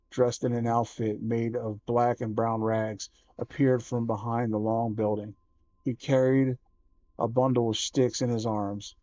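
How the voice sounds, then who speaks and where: Guy slowly reading a spooky kids book out loud, mellow voice, dry kinda dull audio. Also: medium pitch, dry recording. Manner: slow, measured reading with small self-corrections. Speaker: livestream host reading a book aloud. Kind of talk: reading a children's horror book aloud.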